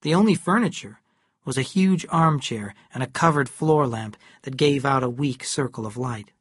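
A narrator reading a novel aloud in a steady, measured storytelling manner. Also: medium pitch, husky, dry recording, clean studio sound. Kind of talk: scripted audiobook narration.

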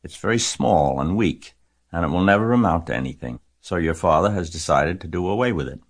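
A man's voice: low-pitched, expressive, a little fast. A man reading aloud and voicing a practical, matter-of-fact farm mother.

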